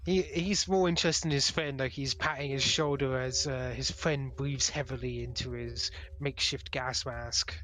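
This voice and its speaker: A man's voice: mid-range voice, fairly even intonation, moderate pace, few pauses, pushed and bright. A man running a tabletop role-playing game as game master, easygoing with brief hesitations.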